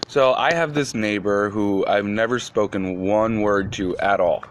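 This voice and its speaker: A man's voice: on the low side, a little slow, a little hiss or hum. A man telling a casual storytime in a plain, matter-of-fact way.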